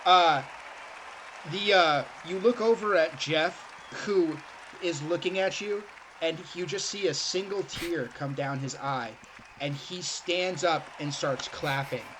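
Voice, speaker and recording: A man narrating as game master in a tabletop game, slow and hesitant with many fillers. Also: a little high, background noise.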